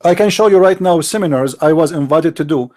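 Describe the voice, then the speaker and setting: High-voiced blunt man hosting live talk. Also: a little fast, a little mellow. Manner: blunt, mocking, broken grammar. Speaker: host of a live call-in challenge.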